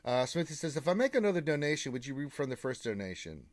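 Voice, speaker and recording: A man co-hosting a casual live gaming stream, reading out viewer greetings and teasing them with flat refusals. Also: medium pitch, fast talker.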